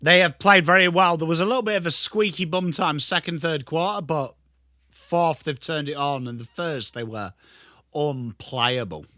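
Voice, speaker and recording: A man hosting a casual live football watchalong from home. His voice sits a little high and sounds bright and forward, recorded dry and close. He chats warmly with viewers by name and jumps into quick bursts of play-by-play. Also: dry recording. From Australia. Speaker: live stream host.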